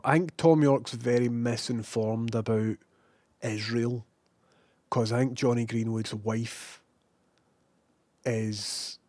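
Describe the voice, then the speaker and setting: A man's voice: mid-range voice, dry recording. Sweary Scottish man chatting on stream. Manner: sweary, self-mocking, animated. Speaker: livestreamer reading chat. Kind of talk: casual rambling stream chat.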